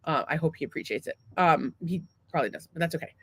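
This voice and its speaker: A woman's voice: low voice, quick pace, fairly bright tone, slightly rough. A woman co-hosting a podcast, telling a long story in a casual, rambling, profane and self-mocking way. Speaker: podcast co-host.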